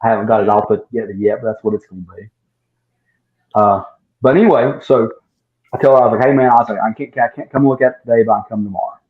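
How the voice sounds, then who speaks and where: A man's voice: on the low side, fast talker. A man telling a long story in casual chat, full of "I was like" asides, as a guest distiller. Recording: dull lo-fi sound.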